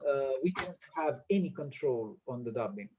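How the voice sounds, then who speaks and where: A male film director, a native Italian speaker, talking animatedly in halting English with many restarts in an interview. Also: medium pitch, lively intonation, a little mellow, slightly rough, highs cut off. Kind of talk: casual interview conversation.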